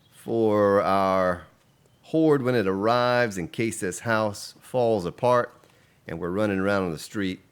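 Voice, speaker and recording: A man casually commenting on his game during a live stream, chatting with viewers as he plays. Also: lowish voice. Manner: relaxed and chatty, reading out and answering viewer chat.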